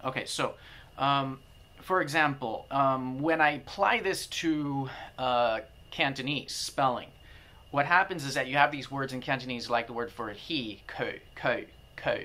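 Bright-voiced man explaining pronunciation. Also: mid-range voice. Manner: thinking aloud, demonstrating vowel and tone sounds. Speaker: language-learning company founder explaining pronunciation. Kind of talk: informal video lesson to camera.

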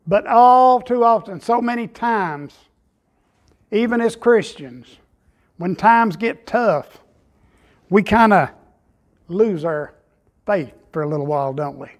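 A man preaches in a high, light voice, spinning homespun jokes and anecdotes into his sermon. His delivery is relaxed and folksy, with casual phrasing. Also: slow, pauses often. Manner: folksy storytelling, Southern phrasing. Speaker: pastor. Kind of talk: sermon with humorous stories.

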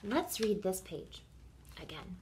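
Woman reading teacher, expressive children's read-aloud with chatty asides. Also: medium pitch, slow. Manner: animated, warm teacherly questions to children.

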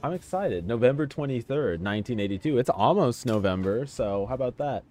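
A man giving casual let's-play commentary as a streamer, excitable, joking and easily sidetracked. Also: medium pitch, normal speed. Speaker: gamer streamer.

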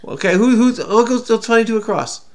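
A man's voice: extremely high pitch, a little fast. A man hosting a casual crossword solve with a child, teasing playfully and patiently explaining the clues. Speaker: crossword solving host. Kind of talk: casual puzzle-solving chat with a child.

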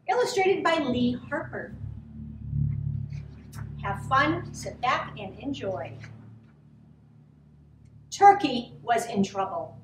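Lady reading a kids' book slow and sing-songy, high voice, echoey room, mic far off. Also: slight background noise. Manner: gentle, expressive, drawn-out. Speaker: children's story reader. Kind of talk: storybook read-aloud for children. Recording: roomy, from a distance.

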